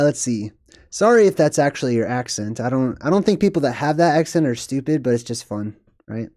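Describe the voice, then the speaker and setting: A man's voice: medium pitch, lively intonation, brisk, dark tone, no echo, clean studio sound. A young man hosting a live stream, chatting casually and rambling as he reads out viewer comments. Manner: rambling, chatty, laughs at himself.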